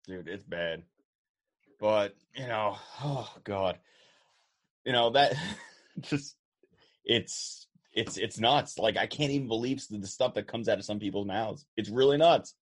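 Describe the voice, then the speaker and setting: A man's voice: fairly low pitch, measured pace. A man in casual political chat, blunt and exasperated, swearing now and then.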